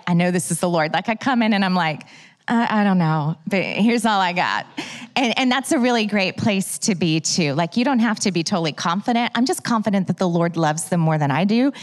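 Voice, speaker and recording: A woman with a slightly low voice teaches a church audience about prayer. She tells her stories in an animated way and acts out the lines she spoke.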